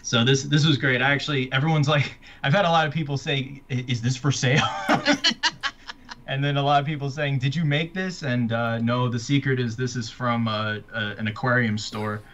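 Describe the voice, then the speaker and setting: A man's voice: medium pitch, fairly even intonation, fairly bright tone, highs cut off, a little hiss or hum. A man, an author, chatting casually about his books and readers, stumbling and restarting often. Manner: halting, many restarts and fillers. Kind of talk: casual chat.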